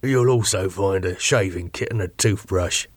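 A man voicing a polite, heavy-set male bodyguard in his late thirties who answers courteously and evasively, trailing soft on each "sir". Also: low-pitched, moderate pace, no echo, clean studio sound.

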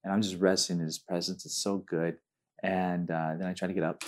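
A man with a lowish voice shares a personal story in easy, conversational talk. He restarts his sentences often and gets animated and giggly. He sounds like a minister talking with friends. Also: brisk. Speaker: minister and guest. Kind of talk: casual testimony storytelling.

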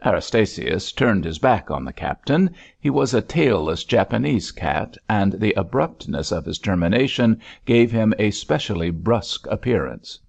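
A man reading a story aloud in measured, expressive scripted narration. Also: lowish voice, creaky. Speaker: audiobook narrator. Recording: dull lo-fi recording.

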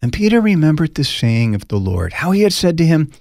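A man teaching scripture as a pastor, his pitch swinging widely as he acts out quoted lines. His voice carries a gravelly edge, and the recording is dry and close. He adds conversational, folksy asides. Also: sing-song, fairly quick, darkish tone, no echo. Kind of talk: Bible study teaching.

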